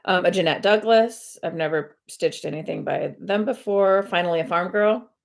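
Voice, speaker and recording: A woman's voice: on the low side, normal speed. A woman chatting casually at home on a live stream while she stitches, rambling with many fillers and self-corrections. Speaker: host of a cross-stitch video channel.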